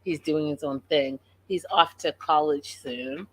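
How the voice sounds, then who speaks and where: A woman's voice: sits low, steady tone, unhurried, fairly bright tone, no room sound. Sassy woman recapping a reality show. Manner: sassy, blunt, mocking commentary. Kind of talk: casual live-stream recap.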